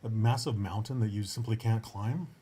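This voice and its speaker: A lowish, mellow, slightly rough male voice at a normal pace belongs to a writing coach hosting his podcast. Earnest and encouraging, he keeps restarting his sentences and dropping in upbeat asides during this casual motivational monologue.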